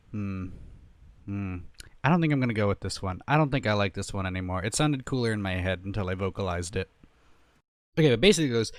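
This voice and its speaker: A man's voice: fairly low pitch, expressive, fast, no echo. A man giving casual gameplay commentary, rambling and self-deprecating, often trailing off mid-sentence. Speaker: gaming video creator.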